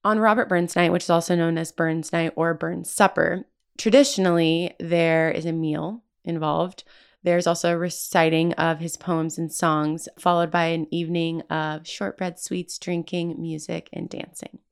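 A woman's voice: fairly low pitch, fairly even intonation, moderate pace, creaky, smooth. A woman hosting a podcast, reading a scripted local history narration with occasional casual asides. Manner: reads from a script with quotes and asides. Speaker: podcast host.

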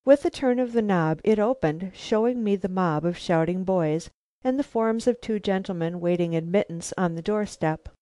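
Woman audiobook narrator, mellow and measured, dry close recording. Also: mid-range voice, dry recording. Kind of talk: scripted narration of a novel.

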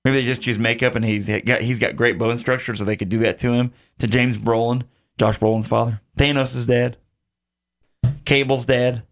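A man's voice: mid-range voice, fairly even intonation, moderate pace. A male podcast host casually recapping a bad movie, rambling with lots of fillers. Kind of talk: casual movie-review chat.

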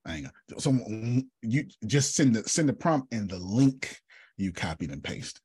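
A man's voice: medium pitch, lively intonation, moderate pace, darkish tone, slightly rough, no room sound. A man hosting an online workshop in a casual, joking teaching style, often repeating himself for emphasis, heard over a video call.

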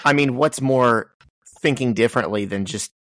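A man's voice: medium pitch, normal speed, fairly bright tone, no room sound, clean studio sound. A man co-hosting a podcast in casual chat, making wry jokes and explaining comic history. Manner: wry, joking asides and background explanations. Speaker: podcast co-host.

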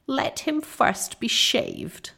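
A woman voicing a cold, commanding witch queen who barks orders in a slow, deliberate storybook reading. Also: high voice, huge pitch swings, vocal fry, sharp tone, slightly rough, pitched above the performer's own voice, exaggerated voice. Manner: imperious, barking orders.

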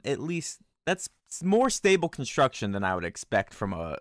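A man chatting casually at a desk microphone as he watches a movie, tossing out joking, animated asides. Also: medium pitch, moderate pace, dry recording, clean studio sound.

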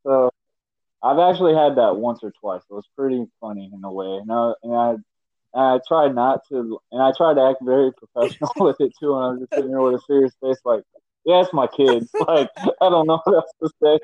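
A man hosting a podcast, chatting in a relaxed way with frequent chuckles and stumbling repeats. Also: medium pitch, fairly quick, dry recording. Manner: laid-back, chuckling, repeats words. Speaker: podcast host. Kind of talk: casual chat. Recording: dull dry lo-fi mic.

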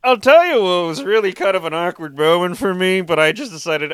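Man, podcast co-host, bright high voice, joking and swearing, dry close mic. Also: animated, normal speed, clean tone, no echo. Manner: laughing, joking, swears freely. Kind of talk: casual movie podcast chat.

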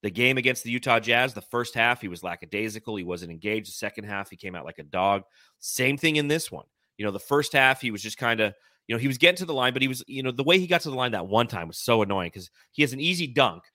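A man's voice: mid-range voice, quick pace, no echo, clean studio sound. A young man co-hosting a casual sports podcast, rattling through stats and breaking down plays in a chatty way. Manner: chatty, stat-heavy, animated breakdowns. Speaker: podcast co-host.

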